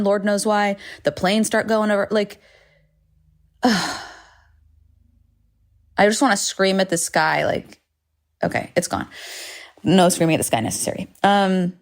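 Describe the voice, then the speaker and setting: A woman in her thirties hosting a solo podcast, talking frankly and rambling with self-deprecating asides and swearing. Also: mid-range voice. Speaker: podcast host. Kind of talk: candid solo podcast monologue. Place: home recording space with planes overhead.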